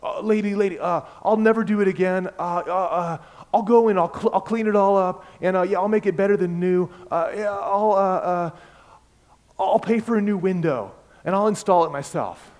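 A man's voice: sits high, normal speed, darkish tone, pitched above the performer's own voice, natural voice. A man voicing a panicky young boy who stammers out empty promises, in a sermon. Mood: pleading. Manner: stammering, frantic. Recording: long hall reverb.

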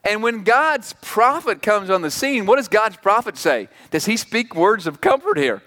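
A high-pitched man delivers an emphatic sermon, talking to the congregation like friends and firing off rhetorical questions. His voice carries a long reverb, as if he were preaching from a church hall. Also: expressive, moderate pace, sharp tone. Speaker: pastor.

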